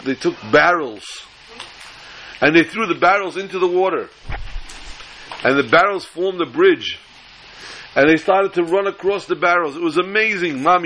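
Man playing a flustered little boy, stammering, eager, bright edgy tone. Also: mid-range voice, slight background noise, natural voice, poor audio. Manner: stammering, breathless storytelling. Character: flustered young boy making excuses.

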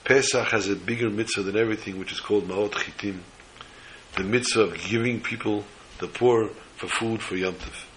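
A man's voice: fairly low pitch, normal speed, slight background noise, low-quality recording. A man telling a religious story as a sermon, acting out the characters' voices with feeling. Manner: animated storyteller voicing characters.

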